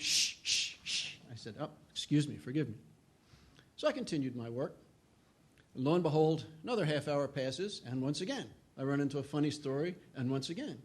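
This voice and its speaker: Throat-clearing older man telling anecdotes. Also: fairly high pitch, lively intonation, fast talker, a little mellow. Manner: humorous anecdotal, acts out quoted voices. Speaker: historian giving a talk. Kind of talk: storytelling lecture.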